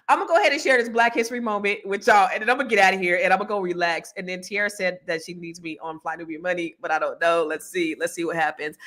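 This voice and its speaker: A woman with a medium-pitched, pushed, bright voice hosts a casual livestream chat. She reads viewer comments aloud and talks bluntly and profanely, swinging between mumbling and heated, cursing rants.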